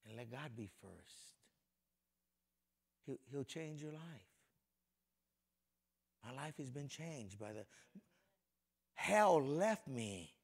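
His voice is mid-range, slightly rough, with some vocal fry: a middle-aged pastor from Compton, California, preaching in a conversational manner and speaking directly to those in his congregation.

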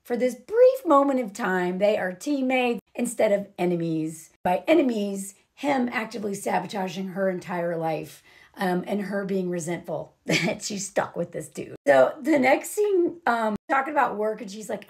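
A young woman giving a casual, sarcastic film recap, animated, and peppering her talk with "like" and "literally.". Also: medium pitch, normal speed. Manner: animated, sarcastic, acts out characters' lines; frequent "like" and "literally" fillers. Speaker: vlogger.

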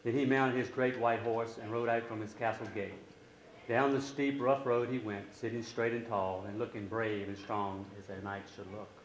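A man reading a storybook aloud to a class, steady and expressive, lifting his voice for quoted lines. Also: on the low side, moderate pace, roomy sound, slight background noise, poor audio.

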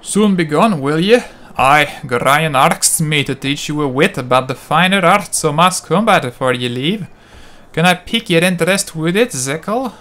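A man voicing a gruff male combat instructor in a put-on, mock Scottish accent, brisk and instructive. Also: a little high, lively intonation, bright, forceful tone. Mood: instructing.

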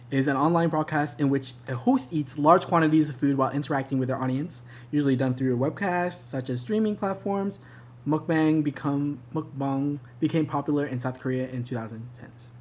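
A man's voice: fairly high pitch, a little fast, a little mellow. Young male vlog host, light voice, laughs through his lines, chatty and upbeat. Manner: giggly, laughs between phrases. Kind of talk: casual chat.

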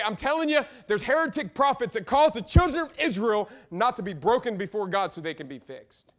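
A man with a Midwestern American accent preaches in a church sanctuary, his voice sitting high for a man. He is fervent and swings from loud outbursts down to quiet, low asides. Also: animated, brisk, few pauses. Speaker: pastor. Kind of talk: sermon.

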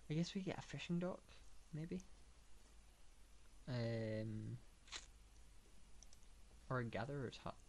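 A man's voice: medium pitch, animated, takes it slowly, long pauses, darkish tone, slight background noise. A man giving casual gameplay commentary, thinking aloud with lots of fillers and dry, sarcastic asides. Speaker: gamer.

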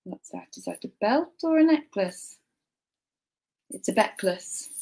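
Slow, soft-spoken woman. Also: mid-range voice, lively intonation, gravelly, slightly rough. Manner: chatty, muttering to herself, soft asides. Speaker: jewellery reseller streaming live. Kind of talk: casual live-stream chat while sorting.

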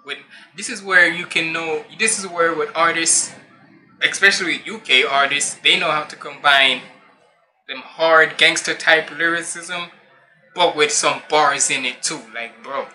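A man's voice: fairly high pitch, steady tone, measured pace, sharp tone. A young man from Jamaica hosting a reaction video, talking loosely in slang and slipping into patois. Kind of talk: casual reaction commentary.

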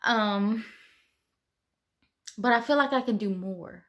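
A woman's voice: mid-range voice, slow. A young adult woman talking candidly to camera late at night, tearful and sighing, rambling with many "you know"s. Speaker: vlogger.

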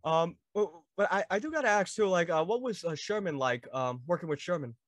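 A man's voice: high voice, lively intonation, fairly quick, dry recording. A young man hosting a video call interview, asking rambling, eager questions full of fillers. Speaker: host.

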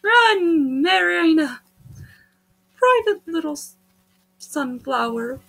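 A woman's voice: extremely high pitch, very animated, slow pace, gravelly, a bit bright, pitched above the performer's own voice, heavily acted. A woman voicing a sly, menacing young Russian man in a put-on Russian accent. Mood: sly menace. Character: playful male Russian schoolboy with menace.

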